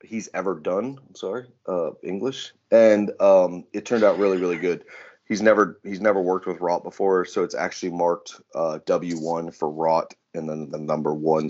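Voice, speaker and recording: Lowish-voiced man in rambling podcast chat. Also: fairly even intonation, moderate pace, a little mellow. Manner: casual, profane, rambling with fillers. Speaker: podcast host. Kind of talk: casual chat. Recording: dull lo-fi sound.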